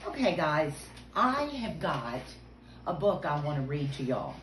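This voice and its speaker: Playful woman teacher, lively and roomy. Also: sits low, measured pace. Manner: playful and animated, dropping to hushed whispers for suspense. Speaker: preschool teacher. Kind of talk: video lesson for young children. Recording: roomy sound with faint background noise.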